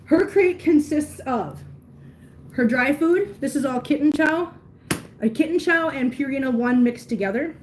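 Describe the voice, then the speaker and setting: A woman's voice: high-pitched, a little slow. A woman hosting a casual livestream at home, chatting to viewers and cooing at her cats. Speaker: vlog host. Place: home room with litter boxes. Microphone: phone. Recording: echoey room with faint noise.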